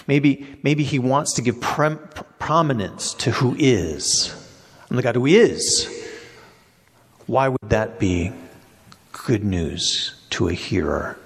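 Gravelly husky pastor in a reverberant hall. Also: male voice, mid-range voice, slow pace. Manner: asks questions and repeats listeners' answers back. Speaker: pastor leading a Bible study. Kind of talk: interactive Bible study teaching.

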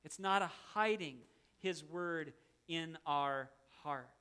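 A man's voice: on the high side, slow pace, bright, forceful tone, smooth. A middle-aged man, a pastor, preaching a sermon in an earnest, conversational way with self-deprecating asides.

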